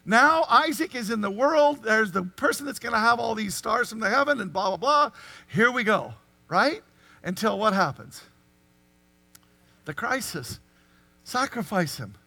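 A man preaching a sermon, animated and full of rhetorical questions to the congregation. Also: sits high, moderate pace, vocal fry. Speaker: pastor.

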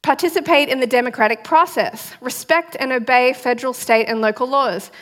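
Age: adult. Sex: woman. Role: church speaker. Pitch: fairly high. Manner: lively, quizzing the congregation. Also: brisk. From outside the United States. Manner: lively, quizzes the audience with questions. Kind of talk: sermon.

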